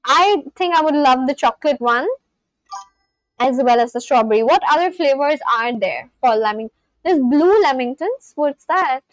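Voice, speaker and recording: A young woman from India chatting casually on a livestream, reading out viewers' comments and reacting with gushing excitement. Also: sits high, moderate pace, no room sound, rough recording. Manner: gushing, reads chat aloud and reacts.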